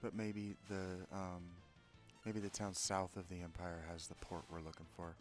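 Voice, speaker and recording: A man's voice: deep voice, flat delivery, moderate pace, soft background music. A man hosting a let's play, thinking aloud and musing to himself as he plays.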